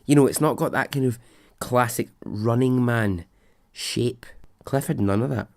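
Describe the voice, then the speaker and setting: A man hosting a podcast, telling a story in a chatty, animated way and laughing at his own tale. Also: medium pitch, unhurried, gravelly. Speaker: podcast host. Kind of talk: casual storytelling.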